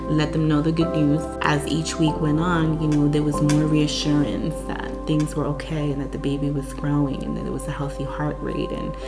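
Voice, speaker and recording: Woman, deep voice, candid personal testimony, soft guitar behind. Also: monotone, normal speed, hardly any pauses. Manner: earnest and candid, frequent "you know". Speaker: mother sharing her infertility story. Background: soft guitar music.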